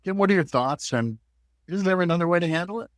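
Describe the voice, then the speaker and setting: A man's voice: high voice, animated, fast talker, no room sound. Friendly man podcast co-host. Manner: friendly, conversational. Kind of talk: podcast segment hosting and outro.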